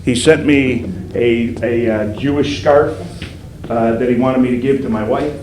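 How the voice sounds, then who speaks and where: This older man, a federal agent, has a medium-pitched voice and a measured pace as he recounts a story for police recruits. He animates it by voicing the people he quotes. The recording carries the spacious sound of a hall and faint background noise.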